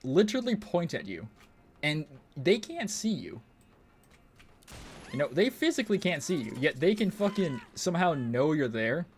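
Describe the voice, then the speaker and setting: A young man streaming a game, chatting casually in a rambling, profane, incredulous way into a desk mic. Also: a little high. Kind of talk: casual gaming stream chat.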